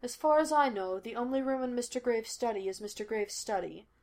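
A woman's voice: a little high, expressive, a little fast, a little mellow. A woman voicing an evasive male butler who speaks in a dry, formal manner, in a read-aloud story.

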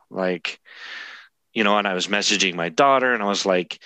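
A man's voice: sits low, brisk, pushed and bright, dry recording. A man in his thirties, a podcast guest, telling a personal story in a candid, self-deprecating way with frequent laughs. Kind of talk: storytelling in conversation.

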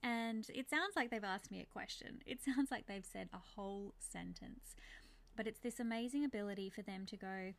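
A woman calmly explaining baby speech development, reassuring parents and demonstrating babbling sounds. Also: mid-range voice, normal speed, vocal fry. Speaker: speech therapy educator. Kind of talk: explanatory teaching monologue.

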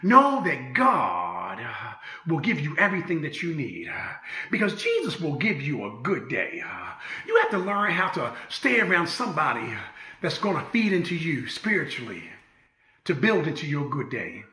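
Man preaching w/ a big swinging pitch, uh-filled refrains, shouts then hushes, roomy echo. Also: wildly swooping pitch, moderate pace. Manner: rhythmic preaching with frequent "uh" fillers and repeated refrains; swings from shouted exhortation to quiet, low prayer. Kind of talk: sermon.

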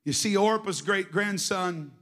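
A middle-aged man preaching a sermon, telling emotional stories that swing from hushed to shouting. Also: high-pitched, unhurried. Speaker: pastor.

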